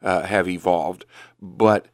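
A man's voice: deep voice, fairly even intonation, takes it slowly, no room sound, studio quality. An older man from Northeast Ohio hosting a Christian radio program, who rambles unhurriedly with many fillers and restarts and also prays and reads scripture aloud. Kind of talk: casual radio talk with prayer and scripture reading. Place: radio studio.

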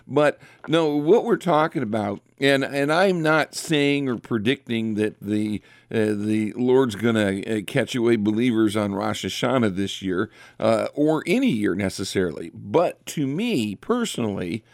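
A man hosting a late-night radio call-in show as a pastor, talking in a relaxed, chatty way with many fillers and restarts. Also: on the low side, a little slow, hardly any pauses, dry recording, studio quality.

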